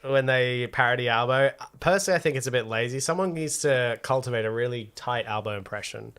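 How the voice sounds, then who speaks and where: A man's voice: mid-range voice, brisk, fairly bright tone, clean tone. An Australian man co-hosting a podcast, giving wry, chatty commentary on clips. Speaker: podcast co-host. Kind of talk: casual chat reacting to clips.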